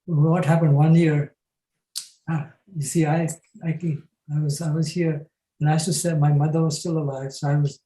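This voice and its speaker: Older man telling a story, echoey room. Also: on the high side. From from New Jersey. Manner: relaxed anecdotal storytelling with chuckles. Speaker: panelist. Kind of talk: storytelling in a panel talk.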